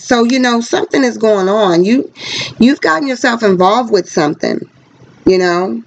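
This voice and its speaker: A woman's voice: a little high, creaky. A woman chattering through a rambling tarot reading. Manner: rambling, chatty, with quick pressured speech; frank and blunt. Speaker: tarot card reader. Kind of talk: casual tarot reading to camera. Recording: dull lo-fi recording.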